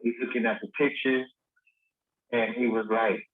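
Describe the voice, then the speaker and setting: Man, interview guest, animated storyteller, raspy voice, tinny phone sound. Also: mid-range voice, moderate pace. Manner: animated storyteller, acting out quoted dialogue.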